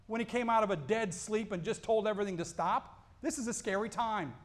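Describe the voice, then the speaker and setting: A pastor with a high voice preaches to his congregation, reading scripture aloud and then earnestly explaining it. He speaks a little fast and swings from emphatic peaks down to hushed lows.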